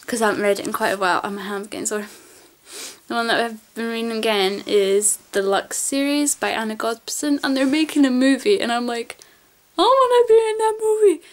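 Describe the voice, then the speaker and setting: Talking straight to camera, a woman vlogger chats in a loose, rambling way and gushes about her favourite things. Her voice sits a little on the high side, and she casually drops the odd swear word.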